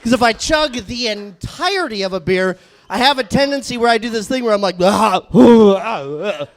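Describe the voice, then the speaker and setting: A man's voice: very high voice, lively intonation, brisk, fairly bright tone. A man doing a rowdy stand-up comedy set in a comedy club, baiting the crowd and swearing.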